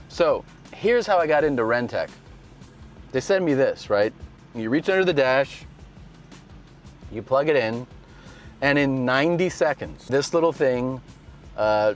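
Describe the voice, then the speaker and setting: A man, a touring comedian, casually telling profane, rambling stories from inside a car. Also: mid-range voice. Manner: laid-back, profane, rambling storyteller. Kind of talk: casual storytelling vlog.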